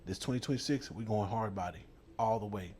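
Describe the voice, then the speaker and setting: A man's voice: lowish voice, fairly quick, darkish tone. Guy ranting on his channel, blunt and cussing, faint hiss behind him. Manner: blunt, profane, mocking. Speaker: host. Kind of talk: heated commentary.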